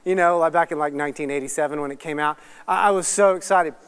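An animated man leads a Bible study in a lively teaching style. His voice sits high, and his delivery swings between hushed, earnest lines and loud, rapid, excited asides. The sound carries the long reverb of a hall. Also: clean tone. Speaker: guest speaker at a Bible study. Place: church hall or meeting room.

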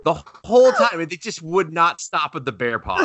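A man's voice: a little high, very animated, moderate pace, few pauses, fairly bright tone, dry recording. A man co-hosting a podcast, recapping an anime episode in casual chat, swearing and acting out quotes in exaggerated voices. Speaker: podcast co-host.

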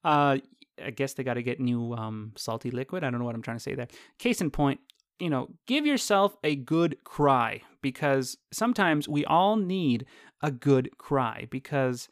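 A man hosts a casual podcast monologue from his home office. He rambles in a chatty way and stops to correct himself mid-sentence. His voice sits a bit high, and the sound is close and dry. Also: expressive, normal speed, dry recording. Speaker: podcast host.

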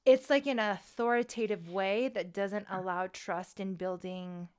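A woman in her thirties sharing personal stories in a casual, animated chat, full of fillers. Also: mid-range voice, a little slow, clean tone. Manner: animated, confessional storytelling with many fillers.

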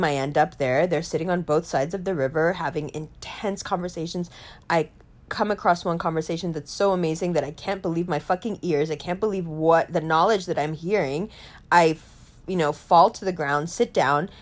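A middle-aged woman telling a story in a casual chat, animated and swearing, saying "like" a lot. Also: sits low. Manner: animated, swearing, heavy use of "like".

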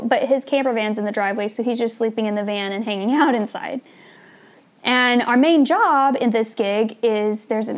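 A young woman hosting a podcast, telling a story in a casual, chatty way with plenty of fillers and laughs. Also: on the high side. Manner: chatty, laughs often, lots of "like" and "you know". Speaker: podcast host.

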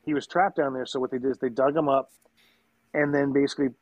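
Dude on a movie podcast, eager, lots of restarts, dry close mic. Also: male voice, mid-range voice, fairly even intonation, fast, a little mellow, dry recording, low-quality recording. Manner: enthusiastic, explains lore with restarts. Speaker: podcast co-host. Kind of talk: casual movie review podcast.

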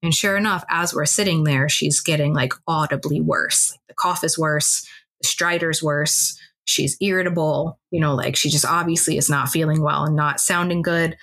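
A woman co-hosting a podcast tells a personal story fast and chattily, sprinkling in lots of "like" fillers. Her voice is deep but a bit bright, with fairly even intonation.

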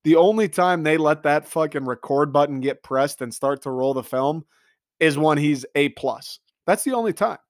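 A man delivering an excitable, profane comedic rant monologue, riffing with mock quotes. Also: on the high side, moderate pace, no echo, studio quality. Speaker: comedic commentator.

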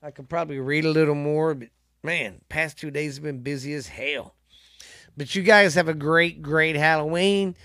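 A man hosting a podcast, reading ghost stories aloud in a halting, casual way with many restarts. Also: fairly high pitch, pushed and bright, no echo, clean studio sound.

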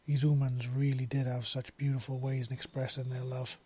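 A man's voice: medium pitch, monotone, moderate pace, dark tone, breathy edge. A man reading a romance story aloud, with small slips and restarts. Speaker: narrator. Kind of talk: amateur fiction reading.

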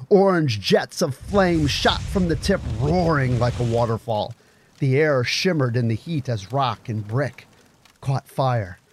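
A male narrator reading a story aloud in a measured, grave manner. His voice sits at an ordinary middle pitch, paced like a careful audiobook reading. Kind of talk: scripted narration.

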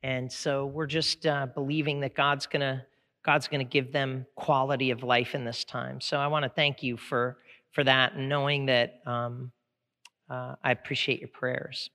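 Man, middle-aged, pastor, sermon, bright tone, fervent, long church reverb. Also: medium pitch, little pitch movement, moderate pace. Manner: conversational, rising to fervent exhortation. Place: church sanctuary.

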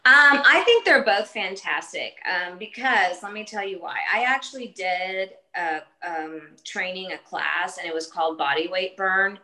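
Fortysomething fitness trainer lady, bright forceful voice kinda low, earnest chat with lots of ums and restarts. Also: animated, unhurried, hardly any pauses, low-quality recording. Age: 40s. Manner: earnest, talks in short restarting phrases with fillers. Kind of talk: casual podcast interview.

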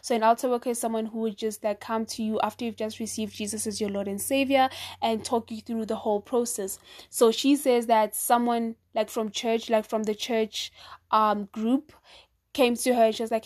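A woman's voice: on the high side, level tone, moderate pace, darkish tone. A woman hosting a podcast, retelling a listener's testimony in a conversational way, often checking in with her listeners. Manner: conversational, with frequent fillers and rhetorical check-ins. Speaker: podcast host.

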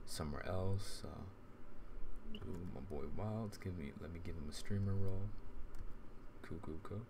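A man's voice: sits low, normal speed, noisy background. A man hosting a casual podcast on his live stream, talking in a laid-back way with lots of fillers and frequent laughs.

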